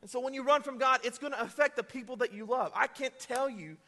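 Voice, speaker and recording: High, bright-voiced preacher in a reverberant hall. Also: male voice, fast. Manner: energetic, conversational preaching with asides. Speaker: pastor. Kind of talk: sermon with scripture reading.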